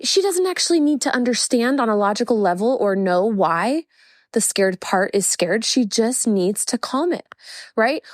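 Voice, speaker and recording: A woman's voice: medium pitch, darkish tone, no room sound, clean studio sound. Chatty woman coaching podcast host. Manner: earnest, chatty, many fillers and self-corrections. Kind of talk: casual teaching monologue.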